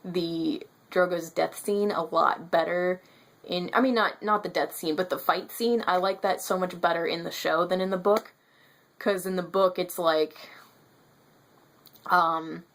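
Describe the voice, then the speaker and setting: A woman in a casual book review vlog with a somewhat low voice. She rambles, stops to correct herself, and turns emphatic when something annoys her. She gestures with her hands as she talks to camera. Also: fairly even intonation, unhurried, a bit bright. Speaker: book vlogger.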